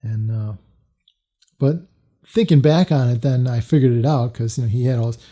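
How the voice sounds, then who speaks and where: A man's voice: medium pitch, moderate pace, dark tone. A man telling a personal story to camera in a loose, casual way, full of fillers and restarts. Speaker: storytelling vlogger.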